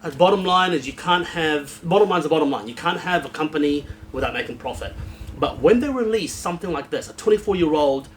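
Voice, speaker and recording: A man's voice: on the high side, expressive, fairly quick, slight background noise. A man hosting a casual, unscripted whisky review, rambling and blunt, swearing freely.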